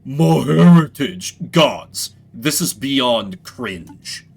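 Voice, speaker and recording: Man voicing a haughty stoat duke, low gravelly sneer, slow, scornful, tabletop game villain. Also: big pitch swings, bright, forceful tone, exaggerated voice. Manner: sneering, contemptuous. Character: arrogant, cruel male stoat duke.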